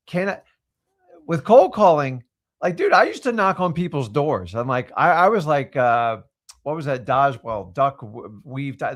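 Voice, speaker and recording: A man in his thirties chatting casually in a loose, rambling way. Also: medium pitch. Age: 30s. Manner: loose, rambling, lots of fillers. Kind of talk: casual chat.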